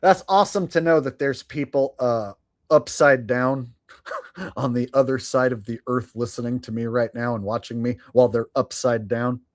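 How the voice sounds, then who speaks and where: A man's voice: mid-range voice, moderate pace, dry recording, clean studio sound. A man hosting a live stream, chatting casually and sarcastically, swearing freely and laughing at his own jokes.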